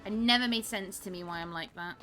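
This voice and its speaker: A woman's voice: mid-range voice, fast talker, music in the background. A woman game streamer with a slight lisp, giving chatty, self-deprecating gameplay commentary.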